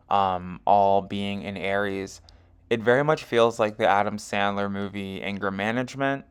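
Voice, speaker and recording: A man with a lowish, clean-toned voice reads an astrology chart in a casual, rambling monologue. The astrology and tarot reader leans heavily on fillers like "um" and "you know" and keeps correcting himself.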